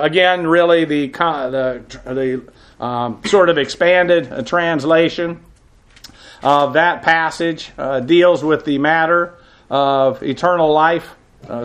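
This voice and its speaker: A man's voice: a little high, a bit bright. A middle-aged man giving a teaching sermon on scripture, explaining Greek grammar with frequent filler "uh"s. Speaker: Bible teacher.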